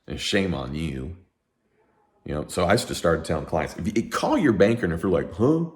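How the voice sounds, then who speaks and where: A middle-aged accountant talking to camera in a heated, emphatic rant, sleep-deprived and worked up. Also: male voice, low voice, normal speed. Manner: emphatic, ranting, animated. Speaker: accountant and tax educator. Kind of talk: heated unscripted talk to camera.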